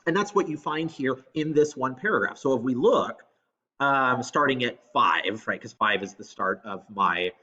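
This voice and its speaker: A man's voice: mid-range voice, animated, moderate pace, sharp tone, breathy edge, highs cut off. A man teaching in a casual screen-recorded lesson, talking loosely with many ums and restarts.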